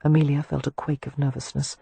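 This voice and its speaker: Husky woman reading a novel. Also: rumbling low, dry recording. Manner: measured, even storytelling. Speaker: audiobook narrator. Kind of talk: scripted narration of a historical romance.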